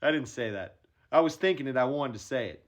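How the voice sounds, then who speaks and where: A man who works as a golf caddie, telling a funny story in an animated, boastful way and laughing between lines. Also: medium pitch, brisk. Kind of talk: comedic storytelling.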